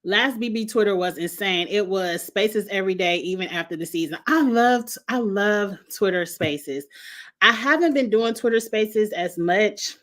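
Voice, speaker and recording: A woman hosts a casual reality TV review show, chatting and reading out viewer comments. She's blunt and sassy, laughing often and cursing freely, in a mid-range, fairly bright voice at normal speed.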